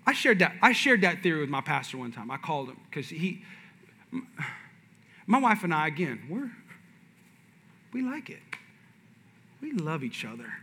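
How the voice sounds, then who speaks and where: A man preaching a sermon, animated and shifting from loud punches to hushed asides. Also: on the high side, a little hiss or hum. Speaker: pastor. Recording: reverberant hall.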